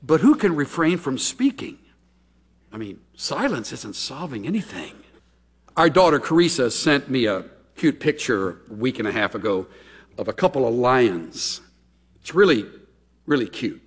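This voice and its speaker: Middle-aged male pastor, husky voice, conversational sermon, echoey hall. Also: medium pitch, normal speed. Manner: animated, chatty, folksy asides. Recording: long hall reverb.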